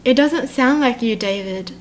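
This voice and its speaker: A woman reading the text messages of a terrified young woman hiding from an intruder, in a hushed, low and halting voice. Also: close to an everyday voice. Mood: frightened.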